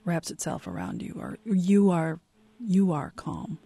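Husky, mellow-voiced woman interviewer. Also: on the low side, lively intonation, unhurried. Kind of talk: interview conversation.

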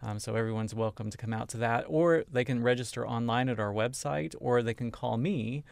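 A man's voice: medium pitch, a little fast, vocal fry, no echo. A man who directs a community band, talking in a casual radio interview with many fillers. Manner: friendly, many "um" fillers, informative.

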